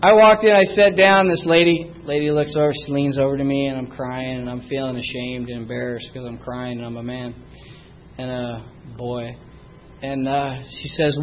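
A middle-aged man giving personal testimony at a recovery meeting, halting and repeating himself, and getting louder when he stresses a point. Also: mid-range voice, lo-fi sound, a little hiss or hum. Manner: halting, repeats words, rises in volume when emphatic.

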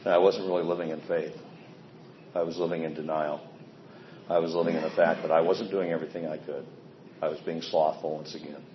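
A man's voice: a bass voice, fairly even intonation, a little fast. A man giving a candid, plainspoken personal recovery testimony, self-deprecating about his past behavior. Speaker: speaker sharing a recovery story. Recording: echoey, dull sound with faint ambient noise.

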